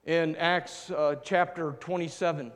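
A man preaching a sermon, shifting between loud emphatic lines and hushed low ones. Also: fairly even intonation, measured pace. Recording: long reverb of a large hall.

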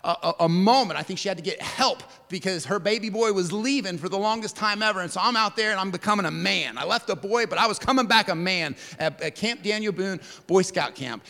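Bright high-voiced man preaching in a hall. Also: a little fast, creaky, few pauses. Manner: animated storytelling with big swings in loudness and pitch. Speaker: pastor. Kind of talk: sermon. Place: large church hall. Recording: long hall reverb.

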